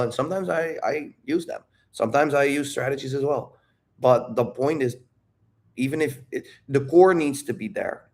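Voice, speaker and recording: Guy talking dating stuff, candid and rambly, keeps saying dude and bro, mid-pitch voice. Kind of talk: casual talk.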